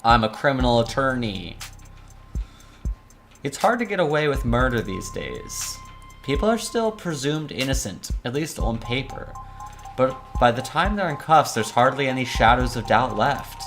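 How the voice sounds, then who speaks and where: A woman's voice: rumbling low, big pitch swings, moderate pace. A woman reading aloud as a weary, cynical criminal defense attorney in a visual novel, with a wry noir monologue delivery over faint music. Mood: brooding.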